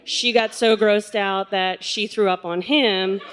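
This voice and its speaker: A woman's voice: medium pitch, steady tone, takes it slowly, a little hiss or hum. A woman in her twenties telling a personal story live on stage, chatty and laughing, with lots of fillers. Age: 20s.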